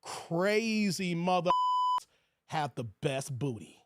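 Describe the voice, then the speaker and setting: A man hosting a livestream, giving loud, crude commentary and reading out his chat. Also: a little high, big pitch swings, slow pace, heavy background noise. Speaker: host of a livestream commentary show.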